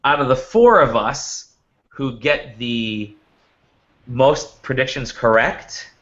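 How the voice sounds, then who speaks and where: A man's voice: mid-range voice, animated, slow pace, fairly bright tone. A man hosting a casual podcast, telling stories with lots of restarts and asides. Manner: rambling storyteller with many restarts. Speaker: podcast host. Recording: dull lo-fi audio.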